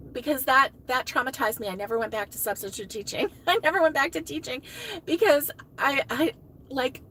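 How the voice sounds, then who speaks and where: A woman's voice: high-pitched, fairly bright tone, slight background noise, rough recording. A middle-aged woman hosting a crochet live stream, chatting casually, laughing often and answering viewers' comments. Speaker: crochet livestream host.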